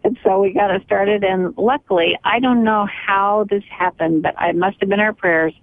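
A woman's voice: medium pitch, moderate pace, no room sound. Grandmother radio co-host, dry and tinny. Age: older. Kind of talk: casual radio chat. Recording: dry, narrow phone-like radio sound.

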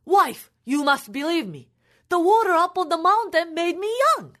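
An eager old woodcutter, suddenly young again, talking in bright, excited bursts, as a woman puts him on. His voice rises a little above her own, with a lively, swinging melody. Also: extremely high pitch, normal speed, voice pushed up, full character voice. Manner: excited, pleading.

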